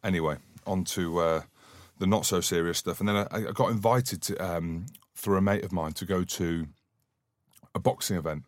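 A Scottish man co-hosting a podcast, swearing freely while telling a lively anecdote. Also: deep voice, normal speed, no room sound. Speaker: podcast co-host, former rugby player. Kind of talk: casual storytelling chat.

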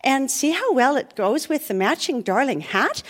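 A vain, sweetly cruel young beauty, as a woman reads her aloud in a storybook tale. She lisps coyly in a high, sugary voice that leaps up and down. Her sweetness is all surface. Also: very animated, normal speed. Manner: coy, sugary lisp.

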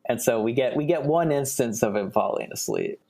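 A young man co-hosting a podcast, thinking aloud in a relaxed, casual way. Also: mid-range voice, fairly quick, gravelly. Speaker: podcast co-host. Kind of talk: casual brainstorming chat.

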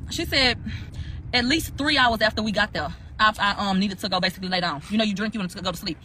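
Fast-talking ranting woman, noisy background. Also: a little high. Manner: profane, ranting, animated retelling. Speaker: podcast co-host recapping court testimony. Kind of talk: casual storytelling recap.

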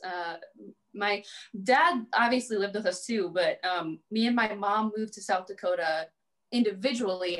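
This young adult woman, a podcast guest, has a slightly bright mid-range voice as she chats casually about cosplay in an interview. Her talk is chatty, loaded with "like" and punctuated by frequent laughter.

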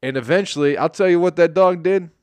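A man's voice: a little high, a little fast, darkish tone, clean tone, no echo. A man doing a rambling, profane, sarcastic comedy monologue as host.

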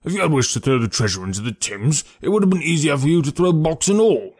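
A stern, angry police detective, put on by a man. His voice sits higher than the narration and sounds brusque and forceful, as in an audiobook. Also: animated, fast.

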